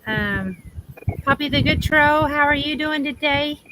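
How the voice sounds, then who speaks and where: A Southern-accented woman with a high-sitting voice hosts a casual livestream from outdoors, shaded under an awning, speaking at a measured pace over background noise. She's chatty, laughs, and trails off with ums.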